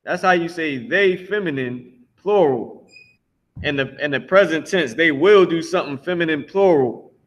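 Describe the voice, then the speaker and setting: A man teaching a live online language class, drawing out drilled words slowly and talking bluntly. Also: a little high, lo-fi sound. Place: Philadelphia.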